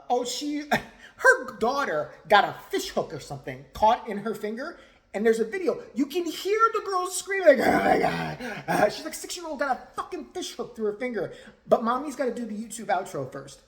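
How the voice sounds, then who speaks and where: A male vlogger ranting crudely, mocking and laughing often as he talks. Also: sits high. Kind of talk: profane rant commentary.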